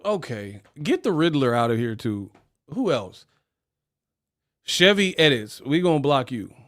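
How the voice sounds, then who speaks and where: A man's voice: medium pitch, sing-song, measured pace, fairly bright tone. A man hosting a casual livestream rant, talking in slang and laughing off his critics in a mocking, dismissive way. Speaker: livestream host.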